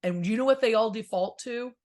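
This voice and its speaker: A woman's voice: a little high, a little fast, a little mellow. A woman hosting a casual interview show, bubbly and chatty, often turning to talk straight to her viewers. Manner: bubbly, addresses viewers directly. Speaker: host. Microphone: video call.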